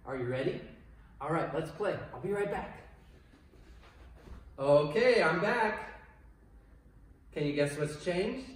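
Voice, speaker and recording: A man coaching young children through movement games, with a high, slow and encouraging voice. He sounds distant from the camera, and a large echoing room rings around every word. A faint hum of room noise sits underneath. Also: animated. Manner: slow, clear and encouraging, with playful exclamations. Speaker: kindergarten PE coach. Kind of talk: online PE lesson for children. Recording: echoey room from far off.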